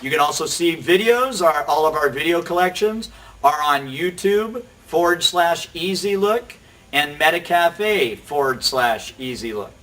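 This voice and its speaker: A man's voice: a little high, lively intonation, fairly bright tone, distant mic. Man telling a story from off the mic. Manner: rambling, self-deprecating, quotes people in quick asides. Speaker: recovery show host telling his story. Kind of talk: casual storytelling.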